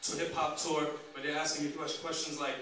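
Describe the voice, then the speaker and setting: A man speaking as an activist at a public forum, telling a personal account with animated storytelling that rises to indignant emphasis. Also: a little high, fast. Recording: echoey hall, distant mic, background noise.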